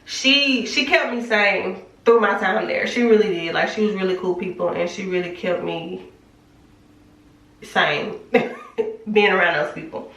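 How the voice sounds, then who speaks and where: A young woman vlogger tells a personal faith story in a candid, chatty way, full of fillers, as a casual storytelling testimony. Her voice is medium-pitched and a bit bright, her pace measured, and she speaks off the mic from a distance with a roomy echo.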